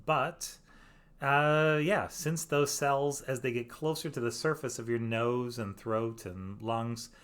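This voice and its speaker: A man's voice: medium pitch, fairly bright tone. A middle-aged man, a virologist, casually reads out viewers' questions and explains the science in a chatty way, with frequent ums and asides. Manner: chatty, many fillers, reads questions aloud and comments.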